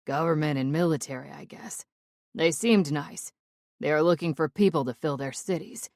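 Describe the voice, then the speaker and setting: A woman's voice: low-pitched, normal speed, a little mellow, no room sound, clean studio sound. A woman reading a guarded male survivor on a radio. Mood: cautious. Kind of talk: audiobook character voice.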